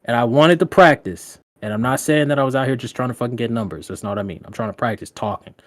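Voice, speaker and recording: A man on a podcast giving casual dating advice in loose, profane slang, laughing often and jumping up in pitch when he tells a story. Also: fast talker, no room sound, clean studio sound. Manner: animated, with big jumps in pitch when telling stories. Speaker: podcast co-host.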